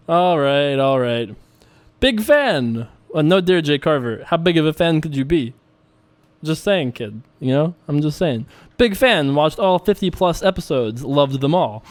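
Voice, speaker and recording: A man's voice: on the high side, lively intonation, a little slow. A young man hosting a poker show, talking casually and joking as he plays online. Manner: chatty, joking, self-mocking. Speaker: poker player and show host. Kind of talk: casual commentary while playing online poker.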